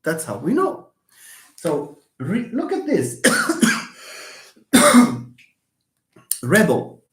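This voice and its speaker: A man teaching English pronunciation in a live online lecture, slowly repeating words and drilling syllables aloud. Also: high voice, wildly swooping pitch, echoey room.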